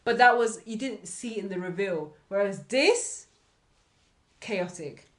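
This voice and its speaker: A woman's voice: medium pitch, lively intonation, unhurried. A woman co-hosting a podcast in casual chat, often agreeing with short replies. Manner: agreeable, lots of short yeahs. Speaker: podcast co-host.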